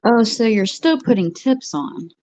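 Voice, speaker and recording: A woman's voice: fairly high pitch, lively intonation, measured pace, darkish tone. Easygoing woman on a muffled call. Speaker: friend on the call. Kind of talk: casual video chat.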